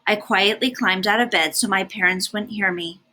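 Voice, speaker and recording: A woman reading a picture book aloud in an animated, expressive way, with a breathy voice. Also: medium pitch, normal speed, low-quality recording. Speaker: storybook reader.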